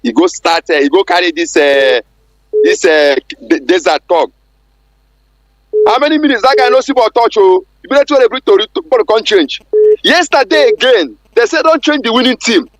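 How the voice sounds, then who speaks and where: A man's voice: sits high, animated, normal speed, no echo, low-quality recording. A Nigerian man calling a sports radio show, ranting in an irate, insistent way. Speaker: caller. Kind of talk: heated phone-in rant.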